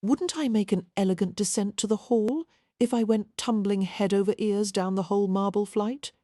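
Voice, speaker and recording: Reading an audiobook, a woman voices a bubbly young lady who gushes playfully in a giddy mood, lightly acted and pitched above her own natural voice. Her delivery is mid-range, dark-toned and moderately paced, with clean studio quality and no room sound.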